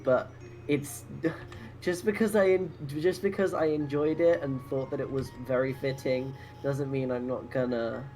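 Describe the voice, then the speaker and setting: A woman's voice: rumbling low, unhurried, faint music behind. A woman chatting casually and giggling with a streamer over a voice call. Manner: giggly and animated. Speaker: guest on call.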